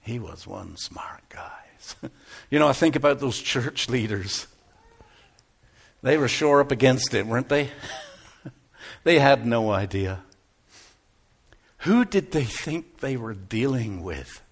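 An actor playing an aging biblical shepherd, telling his story earnestly, moving between hushed tones and exclamations. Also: medium pitch, animated, takes it slowly, vocal fry, long pauses, slightly rough, exaggerated voice. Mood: awed. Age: older. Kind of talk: first-person dramatic monologue.

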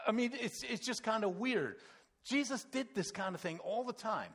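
Animated male pastor preaching. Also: high-pitched, normal speed, slightly rough. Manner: conversational, animated, acts out quoted voices. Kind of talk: sermon.

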